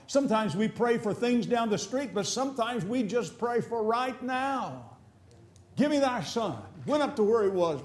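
A middle-aged man preaching a sermon as a pastor, folksy and repetitive, slowing down for emphasis and reading scripture in old English. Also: extremely high pitch.

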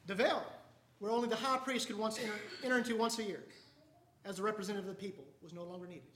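A man preaching a sermon with fervor, swinging from hushed, low passages to loud, soaring ones. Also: very fast, noisy background. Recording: echoey room.

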